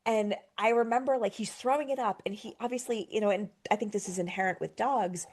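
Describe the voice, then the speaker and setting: A woman podcast host tells a personal story in relaxed conversation. She is animated and curses freely, acting out her own reactions as she goes. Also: medium pitch, a little fast. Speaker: podcast host, trauma therapist. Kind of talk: casual storytelling chat.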